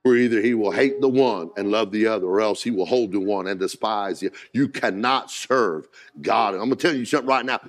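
A man preaching a sermon as pastor, folksy in his wording, moving from hushed storytelling to shouted, rising preaching. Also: fairly low pitch, brisk. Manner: folksy, says "ain't" and "gotta".

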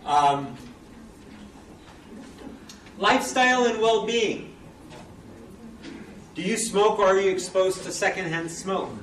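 A man giving a chatty product presentation, asking the audience questions, recorded from a distance in a noisy, echoey room. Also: sits high. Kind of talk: live product talk to an audience.

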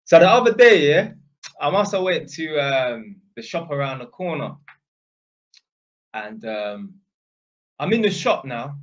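A man telling a story straight to camera in a loose, rambling way, full of slang and "innit". His voice sits a little higher than most men's. He keeps it casual and chatty. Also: sing-song, unhurried, long pauses. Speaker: vlogger.

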